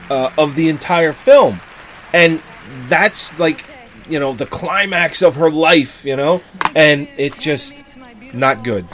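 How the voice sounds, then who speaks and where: Blunt, profane man chatting casually. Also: fairly high pitch. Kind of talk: casual chat.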